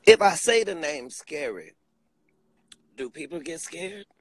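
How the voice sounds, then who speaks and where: A man comedian delivering a comic rant, swinging between loud bursts and low asides with preacher-like repeated appeals. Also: animated, a little slow, slight background noise.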